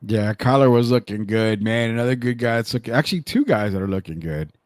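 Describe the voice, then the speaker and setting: A man co-hosting a sports talk show, animated, rattling off game stats and picks. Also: on the low side, fast, dry recording, clean studio sound. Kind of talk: casual sports debate.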